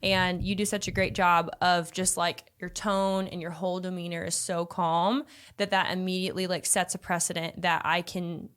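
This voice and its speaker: A woman's voice: fairly low pitch, little pitch movement, normal speed, fairly bright tone, clean tone. A young woman hosting a casual relationship chat, talking earnestly and at length in a coaching tone. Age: young adult. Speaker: host.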